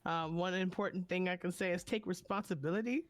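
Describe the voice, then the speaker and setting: A woman's voice: lowish voice, a little fast. A woman speaking as a streamer guest on an online comedy panel, a bit hesitant and giggly. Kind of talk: casual panel chat.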